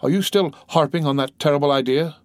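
A man's voice: medium pitch, animated, fairly quick, dry recording, natural voice. An agitated magistrate voiced by a male reader blurts out raised, anxious questions. The sound is dry, with no room. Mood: alarmed. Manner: agitated exclamations.

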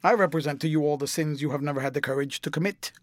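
A man's voice: a little high, very fast, no room sound, lightly acted. A man playing a languid, cynical aristocrat. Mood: lively. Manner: drawling epigrams, airy and amused.

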